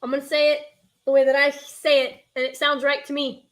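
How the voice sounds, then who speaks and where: A young woman with a Northern US accent chats on her live stream in a fairly high voice. She rambles and stops herself mid-sentence, talking casually straight to her viewers. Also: level tone, fairly quick, fairly bright tone. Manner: rambling, chatty, reads chat aloud, self-interrupting. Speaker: streamer hosting a nostalgia show.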